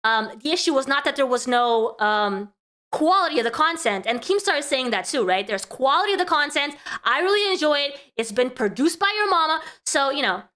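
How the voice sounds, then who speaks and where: A high-pitched woman with a bright, ringing voice hosts a casual commentary stream. She chats loosely with her viewers and breaks into laughter often. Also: animated, a little fast. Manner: chatty, laughs often, talks to chat. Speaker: vtuber host.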